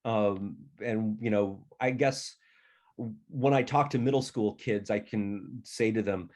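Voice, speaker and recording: A middle-aged author, appearing as a guest, spins anecdotes in a casual conversation, chatty throughout and imitating his family's voices. He talks slowly, in a lowish voice that is a little mellow.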